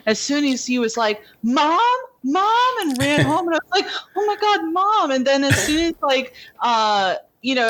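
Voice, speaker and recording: A young woman talking casually as a guest on a movie podcast. She is animated and laughs often, and she slips into playful voices when she quotes scenes. Her pitch sits in an ordinary middle range. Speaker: guest film reviewer.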